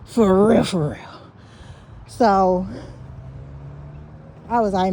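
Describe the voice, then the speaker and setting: Woman, mellow voice, profane animated storytelling, walking outside at night, phone mic, faint street ambience. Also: mid-range voice, drawn-out words, pauses often, slight background noise. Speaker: vlogger. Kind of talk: casual storytelling while walking. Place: outdoors on a dark street at night.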